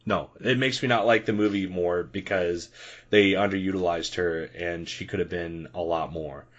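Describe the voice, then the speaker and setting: Chatty low-voiced man reviewing a movie. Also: moderate pace, lo-fi sound. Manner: rambling, animated, laughs often. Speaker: podcast co-host. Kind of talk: casual movie review chat.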